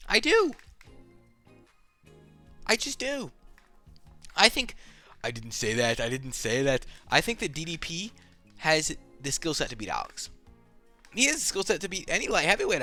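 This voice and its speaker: A young man delivers a casual, rambling fight rant full of swearing and strong opinions. His voice is bright and edgy, and faint music sits behind it. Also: mid-range voice. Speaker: MMA commentator.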